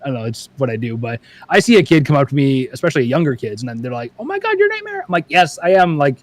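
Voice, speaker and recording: A man's voice: medium pitch, fast, no room sound. A man guest on a podcast, chatting casually and animatedly, acting out quoted voices as he tells stories. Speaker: paintball YouTube creator, guest.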